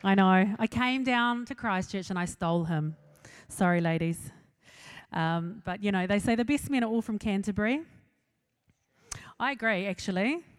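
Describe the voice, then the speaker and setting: Speaking at a moderate pace in a clear, resonant, mid-range voice, a New Zealand woman in her forties entertains an audience with a funny talk. She's chatty, pokes fun at herself, and laughs along at her own jokes.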